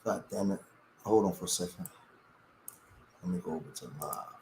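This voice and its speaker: A man's voice: low-pitched, normal speed, warm tone, slight background noise. A man talking on a live stream, impassioned and rambling, often restarting his sentences. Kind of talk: emotional live-stream talk. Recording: roomy echo.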